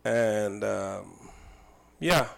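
A man's voice: lowish voice, lively intonation, very slow, creaky, rough recording. A man from Saint Kitts, a cook and business owner, recounting a personal incident in an emphatic, indignant way and often repeating himself.

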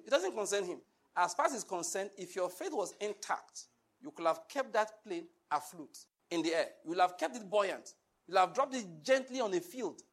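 A man preaching a sermon, emphatic and full of rhetorical questions to the congregation. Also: high voice. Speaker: pastor.

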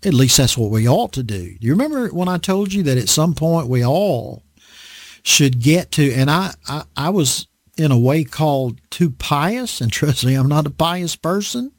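Guy preaching a bible study, pitch swings all over, dry close sound. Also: big pitch swings, normal speed, no echo. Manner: conversational, self-deprecating, acts out quoted voices. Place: dry indoor room.

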